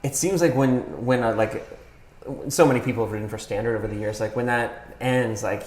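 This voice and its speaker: A man's voice: medium pitch, brisk, a little mellow. Guy hosting a podcast, asks loose wandering questions, roomy echo. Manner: loose, rambling questions with restarts. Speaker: podcast host. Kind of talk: casual interview chat. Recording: echoey room.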